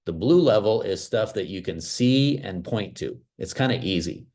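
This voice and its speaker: A small-town American man with a very deep, low voice delivers a motivational talk via video call at normal speed. His delivery is emphatic and animated, sprinkled with casual fillers.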